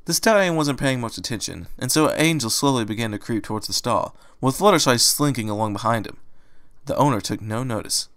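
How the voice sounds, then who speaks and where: A man narrating a fan audiobook, his voice at a middling pitch. He keeps the storytelling plain and steady between the characters' lines. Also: fairly quick, clear, resonant tone. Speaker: reader.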